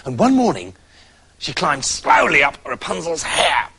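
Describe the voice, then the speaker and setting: A manic male storyteller narrating a fairy tale with wild swings in pitch, throwing in shouts and silly sound effects. His voice is high for a man and bright, with a gravelly rasp. The delivery is comic and theatrical throughout. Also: big pitch swings, a little slow.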